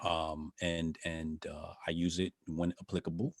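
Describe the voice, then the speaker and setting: A man's voice: low-pitched, little pitch movement, measured pace, no echo, studio quality. A man hosting a casual conversation, emphatic and often tagging his points with questions. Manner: emphatic, frequent tag questions. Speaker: host.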